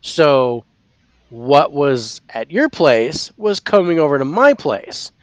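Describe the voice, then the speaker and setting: A man co-hosting a casual paranormal podcast, telling a story with lively acted-out reactions. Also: on the high side, slow, no echo. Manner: animated storyteller, acts out his own reactions loudly. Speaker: podcast co-host.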